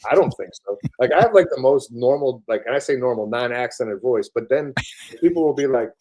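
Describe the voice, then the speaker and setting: A man's voice: mid-range voice, animated, brisk, darkish tone, slight background noise. A man in his forties, a military veteran with a Buffalo accent mixed with Southern, talking casually in an interview with lots of fillers and restarts. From upstate New York. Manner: rambling, filler-heavy, frequent restarts, casual swearing.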